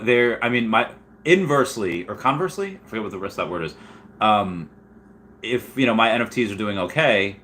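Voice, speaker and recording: A man with a somewhat low voice rambles through a casual livestream, reacting to chat messages. He is animated and laughs easily. A faint room noise sits underneath. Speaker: streamer reading live chat.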